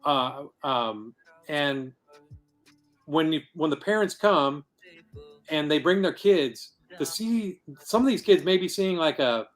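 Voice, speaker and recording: Over faint background music, a man with a fairly high voice and lively intonation talks slowly. Appearing as a podcast guest in a casual interview, he earnestly rambles through the story of founding a comic convention.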